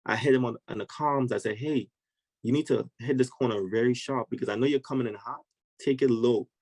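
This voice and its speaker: A man recounts a story with real energy, jumping into the voices of the people in it. His voice sits at an ordinary middle pitch. The recording is close and dry, with no room sound around him. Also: a little fast, darkish tone, breathy edge, no room sound, rough recording. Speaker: podcast guest. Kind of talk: animated storytelling in conversation.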